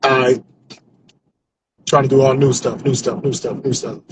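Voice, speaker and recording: A male comedian rambles and talks to himself in his car on the commute, trying out new stand-up jokes without notes and often ending lines with "man." His voice is medium-pitched with little pitch movement and a slightly slow pace. The background is noisy, and the clip is stream-of-consciousness stand-up practice.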